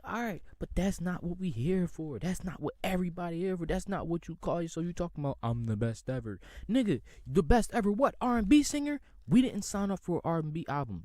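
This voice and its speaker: A man's voice: a little high, no echo, studio quality. A young man hosting a podcast, delivering a heated, profane music rant with exasperated energy. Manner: animated, profane, exasperated ranting. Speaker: podcast host.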